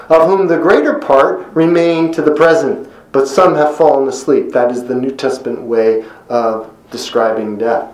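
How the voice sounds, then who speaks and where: Male preacher, slightly high voice, earnest conversational sermon with emphatic quotes, echoey room. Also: darkish tone.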